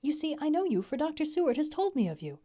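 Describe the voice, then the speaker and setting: A woman voicing a polite, eager young lady in a novel reading, with a bright, pleading tone. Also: high voice, very animated, fast, voice pushed up.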